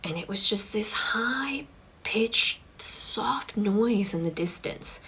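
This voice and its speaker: A woman telling a spooky campfire ghost story in a hushed, mostly whispered voice. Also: mid-range voice, animated, takes it slowly, slightly rough, poor audio.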